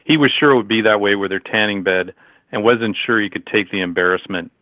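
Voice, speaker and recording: A man with a fairly low voice reads a story aloud at a steady, measured pace. The sound is dry and close, with no room around it. It comes through thin and tinny, like a phone line. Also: no echo. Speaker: narrator. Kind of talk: storybook narration.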